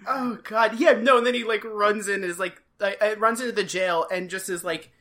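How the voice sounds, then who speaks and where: A woman's voice: mid-range voice, fairly even intonation, a little fast, fairly bright tone. A woman co-hosting a casual podcast recap, sarcastic, and acting out quotes in exaggerated voices. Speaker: podcast co-host.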